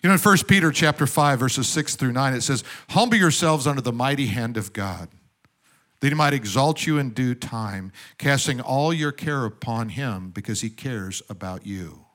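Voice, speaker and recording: Bright-voiced male pastor preaching conversationally. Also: mid-range voice, expressive, moderate pace. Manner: conversational preaching, drops to soft asides. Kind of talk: sermon.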